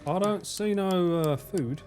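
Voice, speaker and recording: A man giving casual gaming stream commentary, swearing, laughing and breaking into sudden loud yelps. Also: high voice, slow, music in the background. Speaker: livestreamer.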